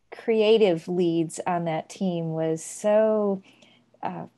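A woman with a warm, mellow voice tells a story on a video call. She speaks haltingly, with frequent restarts and an amused tone. The sound comes through a computer microphone. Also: on the low side. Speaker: audience member asking a question.

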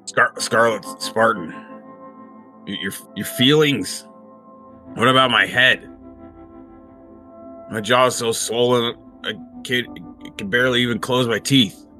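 A man's voice: mid-range voice, unhurried, long pauses, bright, forceful tone, faint music behind. A man voicing a groggy, beaten-up male mayor who complains about his swollen jaw. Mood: aggrieved.

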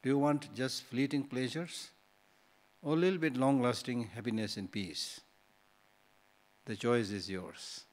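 A man's voice: medium pitch, a little slow, long pauses. A male Buddhist teacher giving a dharma talk in a hall, conversational and teasing, full of rhetorical questions.

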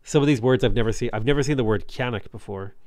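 A man's voice: medium pitch, fast talker, a little mellow, no echo. A man from Ireland chatting casually on a live stream while playing a strategy game and reading chat, rambling and often repeating words as he thinks.

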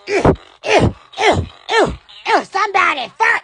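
A woman hosting a casual live stream, giddy and excitable, laughing and squealing often. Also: extremely high pitch, measured pace.

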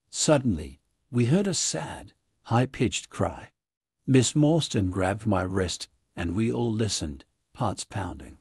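Guy narrating a story for english learners, husky, dry close mic. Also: fairly low pitch, animated, takes it slowly, a little mellow, no room sound.

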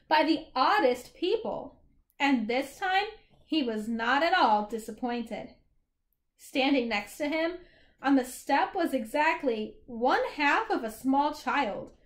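High-voiced woman reading a storybook aloud. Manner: steady storytelling narration. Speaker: reader. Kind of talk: reading a children's novel aloud.

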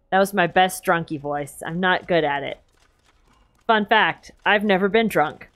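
A woman's voice: fairly low pitch, a little slow, fairly bright tone, soft background music. A woman gaming streamer giving casual, playful let's-play commentary, chatting and joking about herself.

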